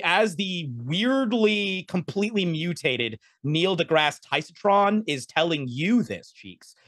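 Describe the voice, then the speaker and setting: A man narrating a tabletop game as game master, animated and rambling, with many fillers and restarts. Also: on the high side, no room sound, studio quality.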